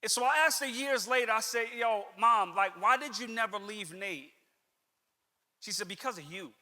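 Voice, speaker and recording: Middle-aged male motivational speaker, earnest storyteller, very bright tense tone, reverberant hall. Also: high voice, normal speed. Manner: earnest, conversational, repeats phrases for emphasis. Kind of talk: motivational talk, personal story.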